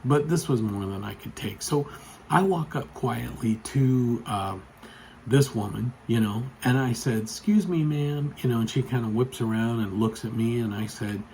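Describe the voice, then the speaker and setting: A man telling a personal story to the camera in a casual, rambling way, full of fillers, getting loud and excited as it goes. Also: medium pitch, normal speed, gravelly, slight background noise, poor audio. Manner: chatty, rambling, with frequent fillers. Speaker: vlogger.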